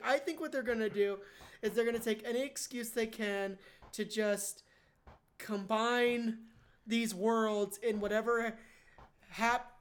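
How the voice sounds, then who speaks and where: A woman co-hosting a podcast, talking bluntly about a movie and swearing casually. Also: fairly high pitch. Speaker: podcast co-host. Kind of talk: casual movie recap chat.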